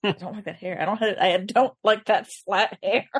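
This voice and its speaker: A woman's voice: mid-range voice, fairly even intonation, normal speed, breathy edge, no echo, clean studio sound. A woman on a fan podcast panel, chatting casually and playfully, laughing as she talks. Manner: playful, laughs while talking.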